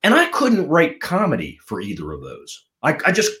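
Animated middle-aged male comedian. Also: normal speed. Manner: animated storyteller, lively pitch swings. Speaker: guest comedian and ventriloquist. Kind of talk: casual interview chat.

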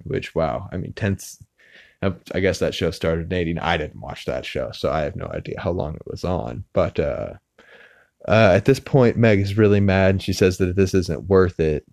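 This podcast host's low voice is gravelly and a little mellow, with lively intonation at a normal speed, recorded dry and at studio quality on a podcast mic. He recaps a TV episode casually, rambling along with many "uh" fillers and restarts.

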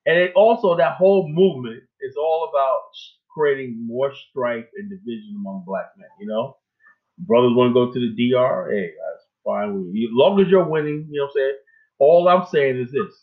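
A man's voice: medium pitch, lively intonation, normal speed. A man hosting a casual talk show, chatting loosely and often tagging his points with "you know what I'm saying". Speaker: host. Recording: phone-like narrow audio.

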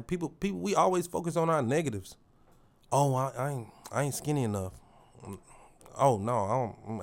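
A man's voice: on the high side, darkish tone. Preachy, slangy man hosting a podcast. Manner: preachy, slangy, repeats phrases for emphasis. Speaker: podcast host. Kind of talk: motivational monologue.

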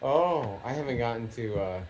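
Brief: male co-host, mid-pitched and animated, loose profane banter, faint background hiss. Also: normal speed, highs cut off. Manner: joking and profane. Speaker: podcast co-host. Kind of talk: casual chat.

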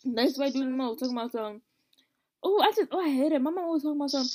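A woman's voice: high-pitched, racing, darkish tone. A young woman in casual podcast chat, ranting animatedly in slang and mimicking others' voices.

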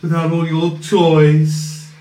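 A man voicing an arrogant, cruel male villain mage who taunts slowly and theatrically in a tabletop game. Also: on the high side, completely flat delivery, mellow, far from the mic, voice pushed up. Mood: scornful. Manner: slow, sneering, theatrical taunts. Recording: echoey room with faint noise.

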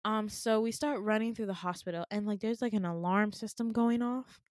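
A woman podcast co-host casually retelling a dream, animated, laughing often and full of fillers. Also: medium pitch, brisk, no echo, studio quality.

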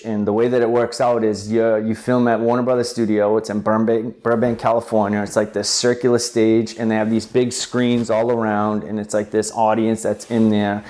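A man's voice: on the low side, darkish tone. A young man, an interview guest, telling his story in a rambling way, full of fillers and restarts. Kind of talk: storytelling in conversation.

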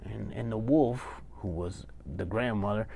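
A man telling a children's bedtime story, chatty and animated, with asides to his listeners. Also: lowish voice, unhurried, creaky.

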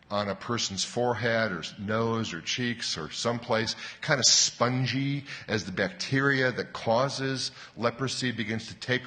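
Bright-voiced preacher in a reverberant hall. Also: male voice, mid-range voice. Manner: earnest, explanatory, with emphatic rises and slowed stresses. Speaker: pastor. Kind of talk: sermon.

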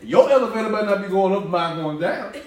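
A man preaching a conversational sermon, lively and quick to laugh, acting out the voices he quotes. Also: high-pitched. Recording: roomy echo from a distance, faint ambience.

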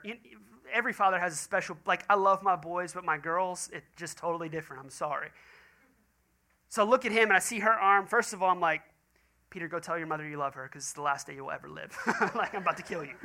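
A man, a pastor preaching a sermon and telling stories in acted quoted voices. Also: sits high. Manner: animated storytelling with quoted voices.

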